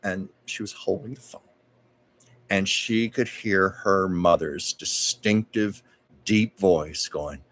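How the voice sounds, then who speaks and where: A man with a very deep voice hosts a live-streamed chat. He recounts anecdotes conversationally, adding asides and corrections as he goes. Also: fairly even intonation, slow, a bit bright. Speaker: host. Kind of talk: storytelling livestream chat.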